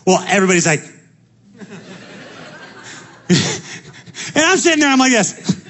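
A young man with a high voice preaches to his congregation. He tells quick, lively personal stories, then rises into fervent appeals. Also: a little hiss or hum. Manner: energetic storytelling, rising to preaching fervor. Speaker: pastor.

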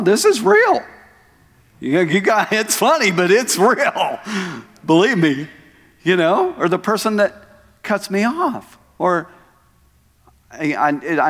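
A male pastor preaching a sermon in a church, talking conversationally with asides to the congregation. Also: on the high side. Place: church sanctuary. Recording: echoey church hall.

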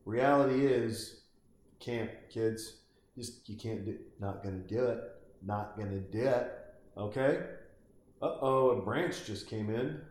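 A man's voice: on the low side, takes it slowly, reverberant, slight background noise. A man giving a comedic, profane commentary while watching a movie, ranting, mocking the characters and acting out little voices. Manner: swearing, animated, mocking, acts out voices.

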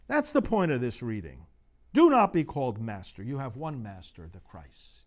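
Impassioned preacher with lively pitch. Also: male voice, normal speed. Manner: impassioned, rising to emphatic outbursts. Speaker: priest. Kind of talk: sermon.

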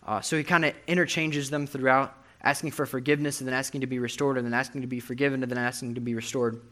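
A man's voice: mid-range voice, flat delivery, quick pace, fairly bright tone. A young man preaching a sermon, earnestly reading and explaining scripture. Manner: earnest, reads scripture aloud with emphasis.

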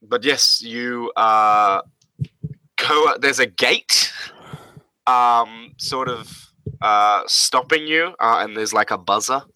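A man's voice: mid-range voice, slow, pushed and bright, clean tone, no room sound, poor audio. A man running a tabletop game as game master, describing scenes hesitantly with many fillers.

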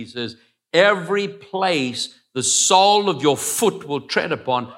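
Here a man with a fairly high pitch preaches as pastor, moving from loud exclamations to soft asides while the congregation echoes phrases he gives them.

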